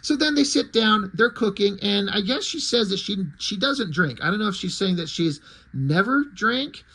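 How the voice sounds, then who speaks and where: Wry, casual man with a fairly high voice. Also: lively intonation, normal speed, vocal fry, bright, forceful tone. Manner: casual and wry, with fillers and swearing. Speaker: comic book reviewer. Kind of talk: casual chat.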